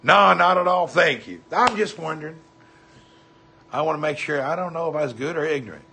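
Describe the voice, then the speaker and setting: A man's voice: on the high side, fairly quick, gravelly, bright, forceful tone, a little hiss or hum. A man with a Southern US accent, chatting casually on a livestream, reading viewer comments and greeting people by name in a folksy way. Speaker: livestream host.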